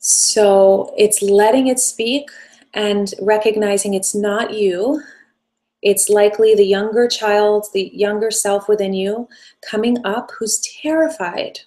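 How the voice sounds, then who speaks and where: Woman teaching live online, soft coaching tone, long run-on sentences, slows down for breathing bits. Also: mid-range voice, fairly even intonation. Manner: gentle, coaching, speaks in flowing run-on phrases. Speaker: self-help teacher hosting a live session. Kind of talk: live-stream teaching, answering viewer questions.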